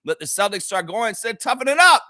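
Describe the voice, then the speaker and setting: Guy going off on his team in a live reaction stream, high bright voice, swears a lot, dry close sound. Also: sing-song, fast, dry recording. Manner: profane, heated ranting, mocks players directly. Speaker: sports reaction host. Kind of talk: live basketball reaction rant.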